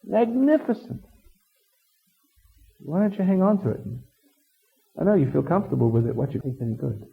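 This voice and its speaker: A man's voice: mid-range voice, lively intonation, fast talker, gravelly, slightly rough. A man from England giving a live seminar lecture in a hotel function room, rambling and teasing with many restarts and chuckles, on a dull lo-fi tape recording. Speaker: seminar speaker.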